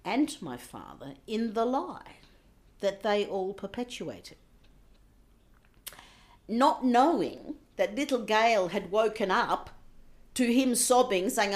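As an interview guest, a woman tells a painful childhood memory, speaking intensely and sometimes dropping to a hushed whisper. Her mid-range voice is sing-song and slow, with frequent pauses, in this piece of personal storytelling.

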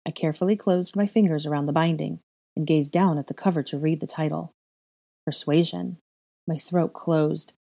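Female audiobook narrator, measured soft delivery, deep mellow voice. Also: steady tone, creaky. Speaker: audiobook reader. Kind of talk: first-person fan fiction narration.

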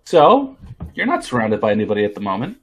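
A man running a tabletop game as game master, talking in halting bursts full of fillers. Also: lowish voice, huge pitch swings, a bit bright, slightly rough.

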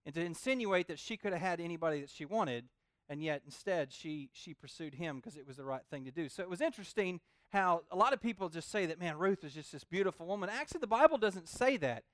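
A man preaching a sermon to a young crowd in an informal, animated way, often asking "okay?" and calling them guys. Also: a little high, fast talker, no room sound, clean studio sound.

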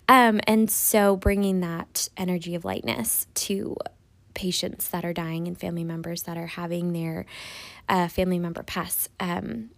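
A woman's voice: medium pitch, dry recording. A woman hosting a spiritual podcast in a casual, rambling monologue. She is sniffly after crying, and her talk is playful and full of laughs. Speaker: podcast host.

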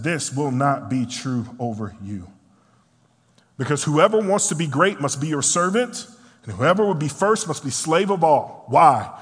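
A man preaches in a church hall, dramatic, lunging from loud outbursts to hushed asides. His voice is slightly husky and sits at a middle pitch. A long reverb trails after each phrase. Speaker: pastor. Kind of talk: sermon. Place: church sanctuary.

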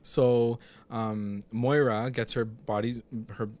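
A man's voice: medium pitch, slow pace. Chatty man recapping a show. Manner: animated, filler-heavy retelling with quoted lines. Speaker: podcast co-host. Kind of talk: casual chat recapping a TV episode.

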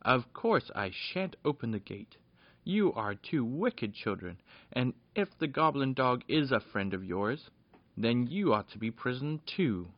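A man's voice: medium pitch, sing-song, a little fast, few pauses, voice pushed up. A man voicing a stern male fairy gatekeeper who scolds indignantly. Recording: dull lo-fi dry recording.

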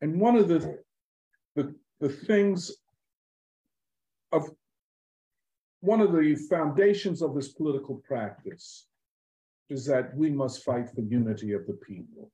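A man speaks in a high voice about politics, animated and emphatic. His speech is loose, full of slang and swearing. The sound is roomy, with a lot of echo. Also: measured pace, long pauses. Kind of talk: political conversation.

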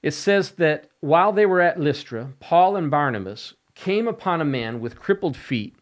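A man preaching as an evangelist on a podcast, slow and emphatic, stressing key words. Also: a little high, animated. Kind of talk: podcast sermon.

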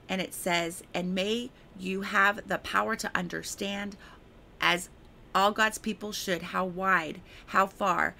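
A woman's voice: fairly low pitch, gravelly, pushed and bright, slight background noise. A woman hosting a devotional podcast who reads a prophetic word aloud and then talks about it informally. She speaks emphatically and repeats her key phrases with fervour. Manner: emphatic and repetitive, fervent; chatty and informal in her own remarks. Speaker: podcast host sharing prophetic words.

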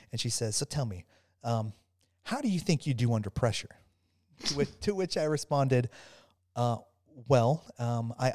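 A man, a former soldier, telling a story as a podcast guest, stumbling over restarts and warming into animated retelling. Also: medium pitch. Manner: halting, many restarts, grows animated while telling a story. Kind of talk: casual storytelling interview.

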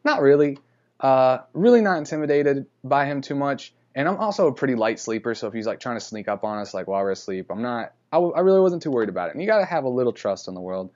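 A man at an ordinary middle pitch spins a casual, rambling story, stopping to correct himself and chuckling along the way. The recording is a little dull and lo-fi. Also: sing-song, fast talker, darkish tone. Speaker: podcast host.

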